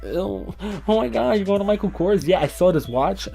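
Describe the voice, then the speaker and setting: A man's voice: high-pitched, big pitch swings, moderate pace, gravelly, mellow, faint music behind, pitched above the performer's own voice, heavily acted. A man mimicking two snobbish young women gossiping in a disgusted valley-girl squeal.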